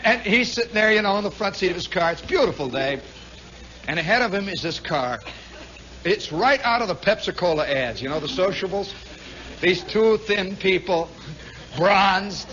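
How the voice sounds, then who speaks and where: A man, a radio host, telling a comic story live in a nightclub, animated and chuckling with lots of asides. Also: high voice, normal speed, slight background noise. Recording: muffled 1960s live radio recording.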